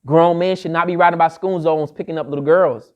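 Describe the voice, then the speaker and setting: A man's voice: a little high, steady tone, a little fast, dull audio. A man lecturing to a live audience, emphatic and repeating his key phrases like a refrain. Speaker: speaker addressing an audience.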